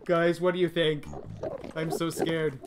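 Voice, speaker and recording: A high-voiced man narrates a live game stream, swinging between nervous worry and excitable cheering as he addresses his chat. Steady background noise sits under his voice throughout the recording. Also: unhurried. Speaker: gaming livestreamer. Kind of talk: live gameplay commentary.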